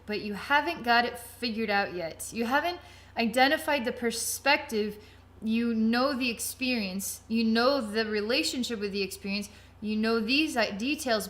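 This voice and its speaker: A woman's voice: mid-range voice, a bit bright. A woman giving a psychic healing reading, vivid and dramatic, thinking aloud with frequent restarts. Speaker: psychic reader.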